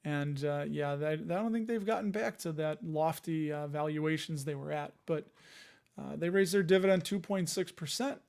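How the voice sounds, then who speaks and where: A man's voice: fairly high pitch, steady tone, moderate pace, vocal fry, a little mellow. Chatty man hosting a livestream. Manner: chatty, jokey asides while reading news items. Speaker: host of a dividend investing show. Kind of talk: casual livestream chat.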